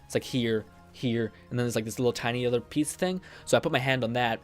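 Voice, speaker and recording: Halting young man confiding on camera. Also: mid-range voice, soft background music. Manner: rambling, halting, many restarts and fillers. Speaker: vlogger. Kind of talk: personal confessional vlog.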